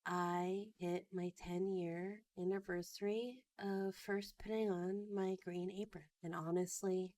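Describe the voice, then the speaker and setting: A woman's voice: fairly low pitch, level tone, measured pace, few pauses, mellow, no room sound. A woman in her thirties talking earnestly in a personal vlog, at times choked up with emotion. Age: 30s. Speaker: vlogger.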